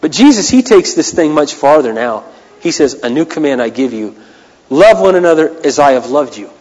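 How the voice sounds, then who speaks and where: A man preaching a sermon as a pastor, impassioned, swinging between loud declarations and hushed asides. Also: on the high side, very animated, moderate pace, in a large hall, low-quality recording.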